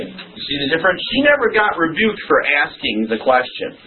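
A man's voice: on the high side, huge pitch swings, a little fast, hardly any pauses, slight background noise. A man pastor teaching a Bible study in a conversational way, putting questions to his congregation. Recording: tinny phone-like sound.

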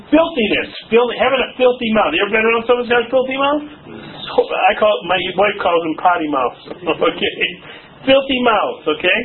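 High-voiced joking man teaching a Bible class. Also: expressive, a little fast. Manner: joking, chatty, asks the class questions, frequent "okay?" and "you know". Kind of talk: church Bible study lesson. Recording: tinny lo-fi recording with faint hiss.

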